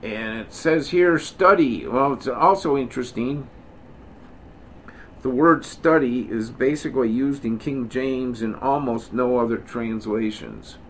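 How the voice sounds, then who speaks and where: Middle-aged male Bible teacher, casual and digressive, mid-pitched voice, stresses the scripture he reads. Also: measured pace, slight background noise. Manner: digressive, self-correcting, joking asides; reads scripture aloud with emphasis. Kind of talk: informal Bible study teaching.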